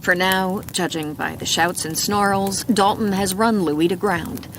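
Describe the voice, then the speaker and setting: A woman narrating a first-person mystery audiobook in a calm, measured reading. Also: mid-range voice. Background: crackling fireplace.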